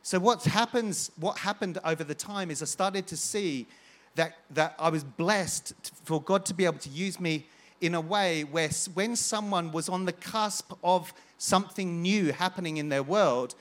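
A man's voice: high voice, moderate pace, a bit bright. A man preaching a sermon, telling a personal story with energy and rallying the congregation in between.

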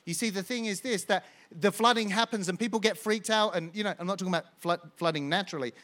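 A man's voice: high-pitched, a bit bright. A man preaching a sermon as pastor, building with rhetorical questions and repetition.

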